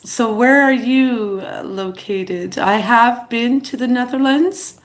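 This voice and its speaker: A teary woman, chatting slowly and haltingly on her livestream, with many fillers and apologies. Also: a little high. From Montreal, Canada. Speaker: channel host on a livestream. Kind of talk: casual livestream chat, reading viewer comments.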